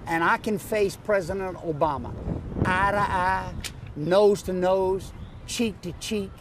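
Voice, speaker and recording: A man in his sixties with a Louisiana Southern accent, a political candidate giving an emphatic campaign pitch in an interview, driving home his points with repeated lists. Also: fairly even intonation, slow, background noise. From North Louisiana, USA. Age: 60s. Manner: emphatic, repetitive rhetorical lists.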